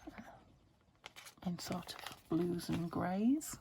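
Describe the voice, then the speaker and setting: Low, dark and creaky, her voice has lively intonation and drawn-out words, with slight background noise. The British junk journal crafter from the UK chats in a casual vlog, rambling and murmuring to herself as she works.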